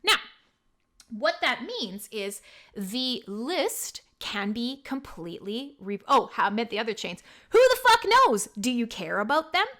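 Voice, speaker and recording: A woman's voice: on the high side, very animated, measured pace, a bit bright. A young woman hosting a casual live stream, chatting with viewers and swearing as she goes. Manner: chatty, swearing, laughing, self-mocking. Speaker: live stream show host. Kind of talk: casual live-stream chat, reading chat messages.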